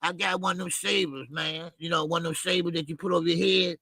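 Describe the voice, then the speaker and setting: A man hosting a livestream boxing show, ranting with profanity and loud outbursts while greeting his chat. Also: fairly high pitch, fairly even intonation, quick pace, vocal fry, no echo. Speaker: boxing channel host.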